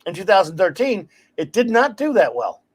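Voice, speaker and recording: A man hosting a casual talk show, telling stories in an animated, ranting way and laughing as he goes. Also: high-pitched, moderate pace, slightly rough. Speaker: podcast host. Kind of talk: casual chat.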